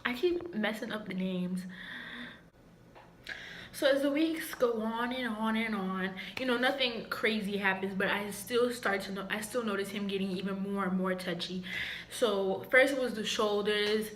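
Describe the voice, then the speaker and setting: Young woman vlogger, mid-pitched, candid and frank, roomy echo, faint background noise. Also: normal speed, fairly bright tone. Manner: candid, frank, laughs often. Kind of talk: casual storytime. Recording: echoey room with faint ambience.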